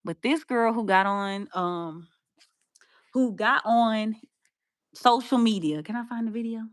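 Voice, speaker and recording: A woman's voice: on the high side, measured pace, dry recording, studio quality. A young woman from the Southern US with a Southern accent, co-hosting a podcast in casual, blunt, profane chat that often repeats itself. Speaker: podcast co-host.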